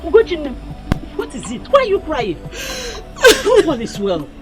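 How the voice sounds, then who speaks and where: A woman's voice: high voice, wildly swooping pitch, measured pace, over loud music, heavily acted. Soothing Nigerian noblewoman. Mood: reassuring. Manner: soothing, reassuring. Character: calm, assured noblewoman mother. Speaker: mother of Obiora. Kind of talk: film drama acting.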